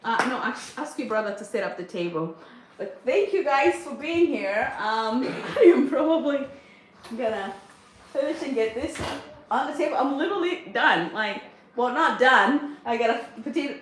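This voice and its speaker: A chatty middle-aged woman talks to her livestream viewers from her home kitchen while cooking dinner. Her voice sits fairly high. The room sounds echoey, with a faint noise underneath. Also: animated, normal speed. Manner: chatty, reads viewer comments aloud, frequent laughs. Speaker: livestream host, mother of a large family.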